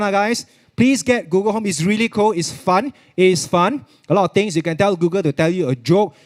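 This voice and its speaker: A man with a Singaporean English accent giving a chatty live product demo, repeating himself and slipping into Mandarin. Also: fairly high pitch. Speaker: product presenter at a virtual expo.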